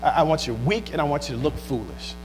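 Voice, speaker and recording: A preacher putting on a low taunting enemy king. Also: expressive, quick pace, a little mellow, soft background music, natural voice, rough recording. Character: mocking cruel enemy king, male, scornful.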